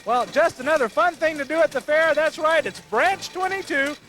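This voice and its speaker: A man's voice: extremely high pitch, brisk, fairly bright tone. A man reporting playfully from outdoors at a county fair, cracking jokes as he interviews people on a handheld mic. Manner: playful, wisecracking. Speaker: roving TV reporter. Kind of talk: jokey on-location fair reporting.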